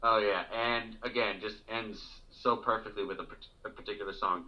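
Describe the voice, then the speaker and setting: A man's voice: fairly low pitch, fairly even intonation, moderate pace, hardly any pauses. A man co-hosting a podcast, laughing often as he reminisces in casual chat. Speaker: podcast co-host. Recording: dull lo-fi podcast audio.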